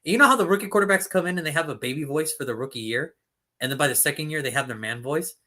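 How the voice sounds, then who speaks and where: Man, casual sports talk, bright tone, slightly high voice, animated. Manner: animated, swears, quick jokes. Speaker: podcast co-host.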